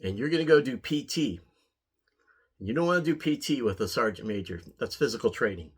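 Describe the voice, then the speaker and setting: A man's voice: medium pitch, lively intonation, fairly quick, slightly rough. A man from Ohio, an army veteran, telling a story in a casual, wry way and chuckling at himself. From Ohio, USA. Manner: wry, dry, chuckling at his own story. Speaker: pipe-smoking vlogger, army veteran.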